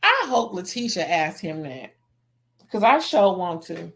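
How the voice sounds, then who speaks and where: A woman's voice: fairly low pitch, sing-song, measured pace. Chatty woman recapping reality TV. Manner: chatty, laughs often, slangy and gossipy. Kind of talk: casual commentary.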